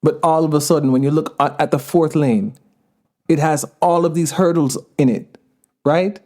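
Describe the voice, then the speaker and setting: A man's voice: on the high side, moderate pace, a little mellow. A man with a light Jamaican accent, speaking as a podcast guest in a casual, earnest, emphatic conversation with frequent laughs. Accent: Jamaican-tinged. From United States.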